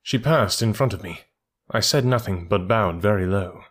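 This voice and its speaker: A man reading a first-person story aloud in a measured, even narration. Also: fairly low pitch, slightly rough. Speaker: audiobook reader.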